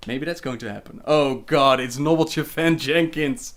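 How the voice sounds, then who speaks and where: A man's voice: medium pitch, moderate pace, hardly any pauses, a bit bright. A young man with a Dutch accent, hosting a casual livestream where he reads viewer questions aloud and answers them chattily.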